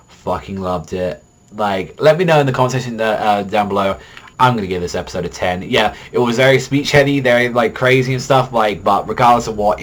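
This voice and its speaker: Rambling, foul-mouthed young male reviewer. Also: on the low side. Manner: rambling, heavy swearing and filler words. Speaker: anime reviewer. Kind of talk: casual video review.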